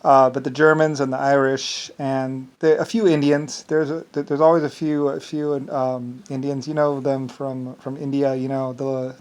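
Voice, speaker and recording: A man's voice: mid-range voice, level tone. Middle-aged man with a mid-range voice, rambling hobbyist monologue, stop-start and wandering. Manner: halting, full of fillers and restarts, loose and wandering. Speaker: hobbyist talking about his ship stories.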